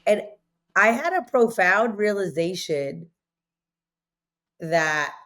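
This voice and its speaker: A woman's voice: medium pitch, lively intonation, takes it slowly, a bit bright. A woman guest in an interview, telling her story emphatically and often saying "like" as she talks. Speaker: interview guest, restaurant owner. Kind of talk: candid conversational interview.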